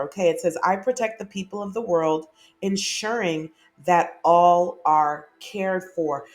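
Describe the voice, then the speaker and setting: Chatty, upbeat woman tarot reader. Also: medium pitch. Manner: chatty, enthusiastic, many fillers and okays. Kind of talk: monthly tarot reading to camera.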